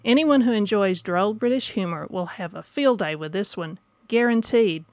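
A woman reading a scripted audiobook review in an even manner. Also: medium pitch, moderate pace, no echo. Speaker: book reviewer.

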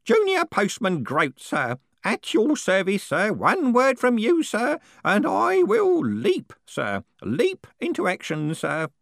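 A man's voice: high-pitched, huge pitch swings, takes it slowly, creaky, hardly any pauses, a bit bright, dry recording, studio quality, voice pushed up, heavily acted. A man doing a wheezing, eager old postman. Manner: keen, repeats "sir".

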